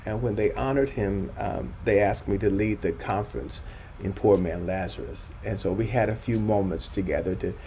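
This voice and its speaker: An older man tells stories from his life in a gravelly, creaky voice, reflective and unhurried, often restarting a thought. He slips into the voices of the people he quotes, with faint noise in the room behind him. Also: fairly low pitch, dark tone. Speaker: choral conductor speaking at a forum. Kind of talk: anecdotal storytelling talk.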